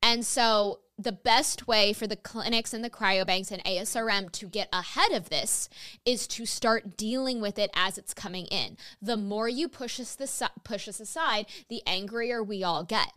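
A woman's voice: medium pitch, normal speed, bright, forceful tone. A young woman hosting a podcast interview, talking in a spirited way and swearing freely. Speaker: podcast host. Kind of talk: casual interview chat.

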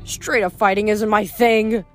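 A woman's voice: medium pitch, fairly even intonation, measured pace, faint music behind, close to an everyday voice. Woman doing a cocky, teasing teen boy. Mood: urgent. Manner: drawling, boastful, teasing. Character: cocky, joking teenage boy, boastful show-off.

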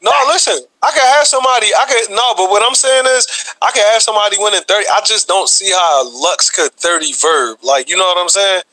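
High bright-voiced New Yorker, animated. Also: male voice, fairly quick, no room sound, poor audio. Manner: animated, heavy slang and profanity, frequent laughing. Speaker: podcast co-host. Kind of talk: casual chat about battle rap.

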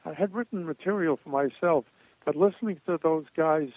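Older man, slightly high voice, rambling anecdotes, halting uh and restarts, tinny phone line, dry sound. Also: dry recording. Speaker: guest comedian. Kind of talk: storytelling in a radio interview.

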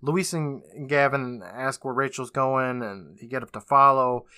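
A man's voice: medium pitch, a little slow, bright, forceful tone, smooth, dry recording, studio quality. A man hosting a podcast, recapping a TV episode in a loose, profane, sarcastic way. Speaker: podcast host.

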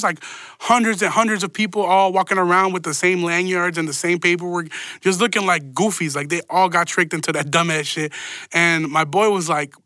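Bright, high-voiced profane storyteller man. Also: no room sound. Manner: profane, rambling, laughing asides. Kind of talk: casual storytelling monologue.

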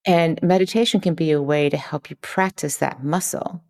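A woman's voice: low-pitched, fairly even intonation, normal speed, a little mellow. A woman guest in a conversational interview, talking earnestly and acting out quoted lines. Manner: earnest, acts out quoted dialogue.

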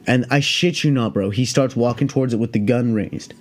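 A young man who is high, telling a rambling story in a laid-back, profane, meandering way. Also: fast talker, darkish tone. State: high on cannabis. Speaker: podcast host.

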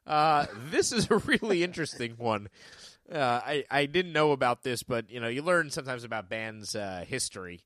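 A man's voice: medium pitch, expressive, a bit bright, dry recording, studio quality. Joking, rambling podcast man. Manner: joking, rambling, quick asides. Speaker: podcast trivia host. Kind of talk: casual chat.

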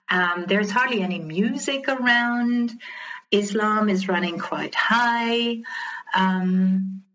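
A woman's voice: mid-range voice, slow, a bit bright. A woman guest on a podcast, candidly retelling a personal story in conversation and often quoting what others said. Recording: slightly dull lo-fi audio.

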